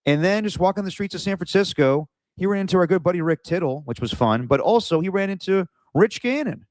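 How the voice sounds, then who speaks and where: A man's voice: high voice, animated, a little fast, no room sound, clean studio sound. A man hosting a sports podcast, telling stories in a laid-back, chatty way. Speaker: podcast host. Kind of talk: casual sports chat.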